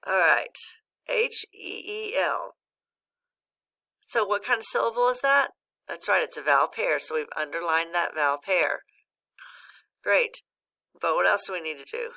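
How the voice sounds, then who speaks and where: Lady phonics teacher, low-ish gravelly voice, patient, waits for kids to answer. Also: expressive, pushed and bright. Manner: patient, encouraging, pauses for student answers. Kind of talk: recorded phonics lesson.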